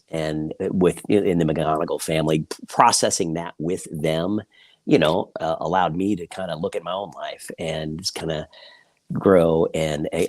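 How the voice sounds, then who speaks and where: Deep gravelly man, reflective author. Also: darkish tone, no echo. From Kansas City, United States. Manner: reflective, halting with many fillers. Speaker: author and journalist. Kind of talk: interview conversation.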